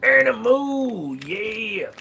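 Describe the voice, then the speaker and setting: Male streamer, loose and profane, animated pitch. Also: drawn-out words, vocal fry, a little hiss or hum. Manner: swears freely, talks to his dog in a high singsong. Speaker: live streamer. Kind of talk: casual live stream chat.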